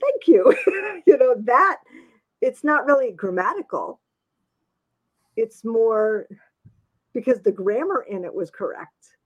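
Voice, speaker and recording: A woman's voice: a little high, very animated, slow, pauses often, highs cut off. A woman author chatting casually, talkative and self-deprecating, laughing often. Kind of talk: casual chat.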